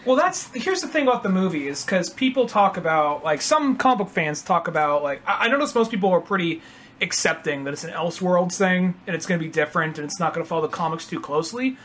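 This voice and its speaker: A man hosting a casual podcast chat, rambling and acting out other people's lines in quick impressions. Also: high voice, animated, fairly bright tone. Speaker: podcast host.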